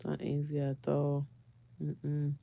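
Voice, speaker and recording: A woman's voice: deep voice, completely flat delivery, slow pace, creaky, dark tone, no room sound. A woman, a mother, chatting casually to camera, repeating phrases for emphasis and often breaking into laughs. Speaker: vlogger and mother.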